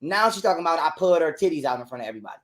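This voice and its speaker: A man appearing as a guest on an interview show tells a heated, profane story in a casual storytelling way. His voice is a little high and fairly bright, animated, and very fast.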